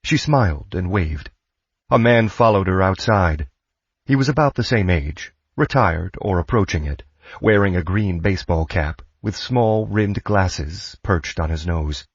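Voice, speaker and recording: A man giving a steady, scripted audiobook narration. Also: deep voice, a little slow, breathy edge, no echo, dull audio.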